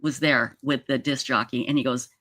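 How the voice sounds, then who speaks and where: This livestream host is a woman with a bass voice who tells a story at a moderate pace, full of animated energy and frequent restarts. She's indoors, speaking into a video-call mic, and the tone is casual.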